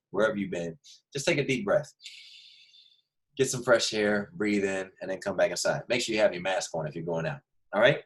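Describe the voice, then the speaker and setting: A man teaching a second grade class online, upbeat and joking, talking straight to the children and calling on them by name. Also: sits low.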